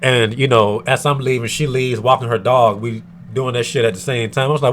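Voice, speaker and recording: A man's voice: mid-range voice, fairly even intonation, brisk, a little hiss or hum. A man from the United States telling a storytime rant to his viewers in an irritated, profane, rambling way with many fillers. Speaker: vlogger.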